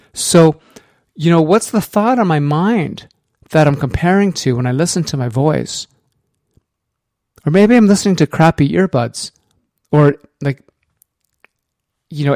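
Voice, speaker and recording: A man's voice: on the high side, a little mellow, dry recording. Upbeat male voice coach, close and dry. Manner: enthusiastic, rambling, self-promoting. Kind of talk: casual coaching monologue. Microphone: close microphone.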